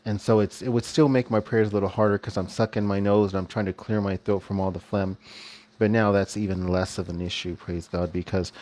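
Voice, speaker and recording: Low-ish male vlogger, rambling faith talk, frequent chuckles. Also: level tone, brisk, darkish tone. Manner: chuckles often while talking; loose, rambling delivery with frequent restarts. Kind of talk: casual religious monologue.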